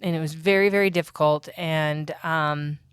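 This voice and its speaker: A woman's voice: sits low, fairly even intonation, normal speed, smooth, no room sound, clean studio sound. A woman narrating her craft build in a casual voice-over, chatty and self-mocking, with offhand asides that trail away.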